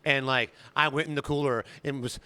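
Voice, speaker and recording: Fast-talking bright-voiced joking man. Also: mid-range voice, fairly even intonation, clean tone, no room sound. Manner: rapid, joking storyteller who acts out dialogue. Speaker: podcast co-host. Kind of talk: casual chat among friends.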